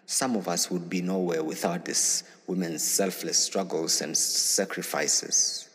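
A man reciting spoken-word poetry in a slow, solemn delivery. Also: low voice, steady tone, a bit bright. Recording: long hall reverb.

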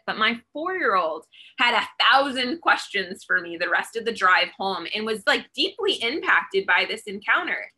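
A woman's voice: mid-range voice, pushed and bright, slightly rough. A woman speaking earnestly as a guest in a faith interview, telling stories of her outreach work and acting out her own lines. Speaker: founder of an outreach ministry, guest. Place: Texas.

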